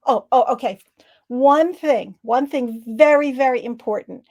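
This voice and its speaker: A woman's voice: high-pitched, unhurried, darkish tone, dull audio. A woman giving an online presentation on laughter and leading laughter exercises, talking upbeat over a video call. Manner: upbeat, demonstrates rhythmic ho ha he laughter sounds.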